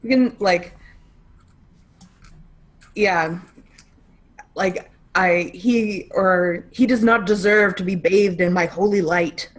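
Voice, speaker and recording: A woman's voice: medium pitch, takes it slowly, long pauses, low-quality recording. A woman playing a tabletop game, joking dryly in casual chat. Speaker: player.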